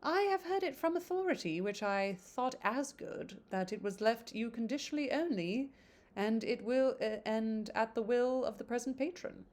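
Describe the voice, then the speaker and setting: A woman reading a poised, quick-witted young woman's lines in a storybook reading, carefully and with small stumbles. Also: on the high side, lively intonation, darkish tone, lightly acted. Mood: composed.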